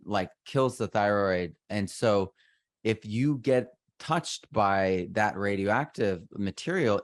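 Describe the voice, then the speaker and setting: Middle-aged male guest, low register, rambling and self-interrupting, dry booth sound. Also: no echo. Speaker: podcast guest. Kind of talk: casual interview conversation.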